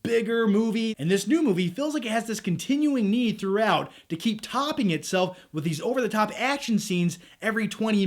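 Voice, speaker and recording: A young man hosting a casual to-camera film review, chatty and jokey with quick asides. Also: high voice. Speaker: movie reviewer, channel host.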